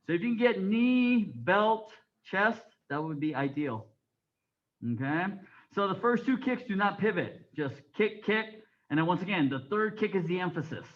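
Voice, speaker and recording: A man teaching a taekwondo class. He barks counts and commands and explains technique calmly in between. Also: sits high, moderate pace, lo-fi sound. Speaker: taekwondo instructor. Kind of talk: coaching a martial arts class. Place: martial arts training hall.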